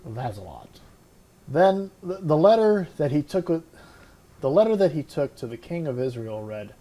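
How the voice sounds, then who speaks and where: A man's voice: a little high, big pitch swings, normal speed, mellow. A man hosting a casual Bible study talk, reading scripture aloud and then musing on it with many fillers and restarts. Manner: admits unsure pronunciations. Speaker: podcast host.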